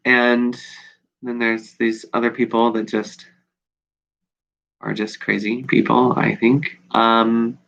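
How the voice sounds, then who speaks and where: A man recording a personal video journal, talking in a reflective, halting way with many pauses and fillers. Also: mid-range voice, little pitch movement, gravelly, a bit bright. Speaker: video diarist. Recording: dull lo-fi recording.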